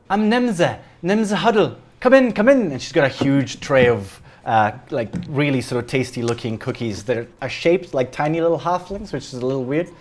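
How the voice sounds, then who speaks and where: A man running a tabletop game as game master, narrating in a loose way with many fillers and restarts. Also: medium pitch.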